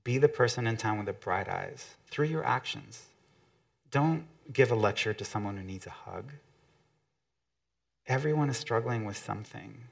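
A man's voice: lowish voice, lively intonation, moderate pace, gravelly. A man giving a conversational motivational talk to an audience, often acting out quotes from other people.

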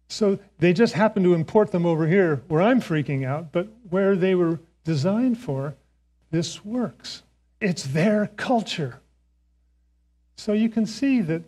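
An older man with a high, mellow voice gives a reflective, motivational talk. He tells his story in a relaxed way and chuckles now and then. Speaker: speaker.

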